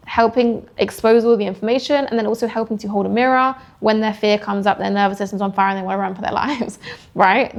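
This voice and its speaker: A woman sales coach teaching a sales framework in a brisk, conversational way, often acting out what clients say. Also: mid-range voice, vocal fry.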